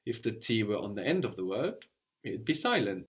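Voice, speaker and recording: A man teaching a language lesson, explaining patiently step by step and often checking with a quick "no?". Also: fairly low pitch, very animated.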